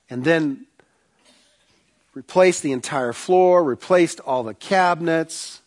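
A man preaching a sermon, telling a personal story with animated bursts, quiet asides and rhetorical questions to the congregation. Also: mid-range voice. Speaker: pastor.

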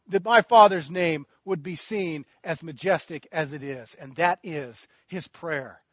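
Impassioned high-voiced male preacher. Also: measured pace, few pauses, dry recording. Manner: impassioned, rising and falling emphasis with repeated phrases. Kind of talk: sermon.

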